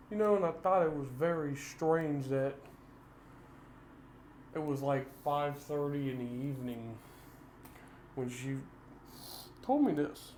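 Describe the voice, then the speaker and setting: A man's voice: fairly high pitch, slow, pauses often, a little mellow. A man with a Southern US accent telling a personal story in a plain-spoken, earnest, rambling way. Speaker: vlogger. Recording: roomy echo, faint background hum.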